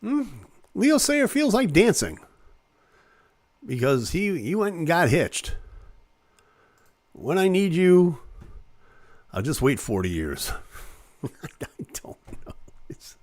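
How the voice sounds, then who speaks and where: A man's voice: on the high side, very animated, takes it slowly, long pauses, no room sound. A man hosting a live online show, casually reading celebrity news aloud with playful jokes and asides.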